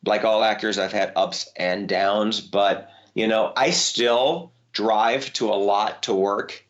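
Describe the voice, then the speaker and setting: A man, a voice actor, telling stories in a casual interview with a lively manner. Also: slow pace, dull audio. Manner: lively, jumps up in pitch when excited. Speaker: voice actor guest.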